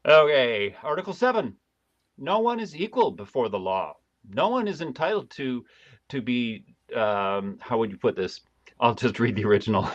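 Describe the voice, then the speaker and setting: Sarcastic halting man on a stream. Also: mid-range voice, animated, muffled recording. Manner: sarcastic, halting with many fillers. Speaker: host. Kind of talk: live-stream commentary reading a document.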